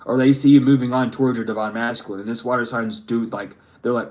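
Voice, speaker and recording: A man's voice: medium pitch, steady tone, quick pace, few pauses, a little mellow. A man giving a spiritual reading to his viewers, ranting emphatically and swearing freely. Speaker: tarot reader.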